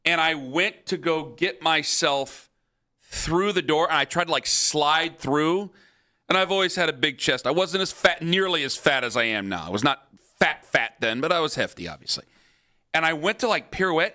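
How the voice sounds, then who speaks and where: A man's voice: on the high side, lively intonation, moderate pace, sharp tone. A man hosting sports talk radio, animatedly telling a funny story and acting out the other people in it.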